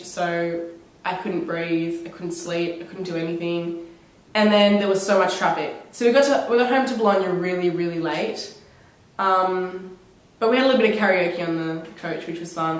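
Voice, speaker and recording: A young Australian woman with a cold, telling travel stories in an animated, laughing vlog chat. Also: fairly low pitch. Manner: enthusiastic, animated, laughing retellings with put-on quotes. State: has a cold. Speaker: vlogger. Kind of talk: casual chatty storytelling. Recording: very echoey room, mic at a distance.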